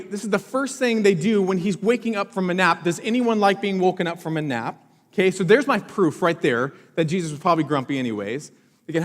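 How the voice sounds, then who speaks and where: A high-voiced male pastor preaching with lively, swinging delivery and playful self-mocking humor. His voice carries a long reverb from the church hall. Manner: animated storytelling, jokey and self-mocking. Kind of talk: sermon. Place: church auditorium.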